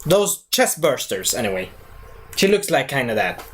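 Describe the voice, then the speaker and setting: A man's voice: mid-range voice, very animated, moderate pace, fairly bright tone, a little hiss or hum. A man giving a casual spoken movie review, rambling, losing his thread and correcting himself as he goes.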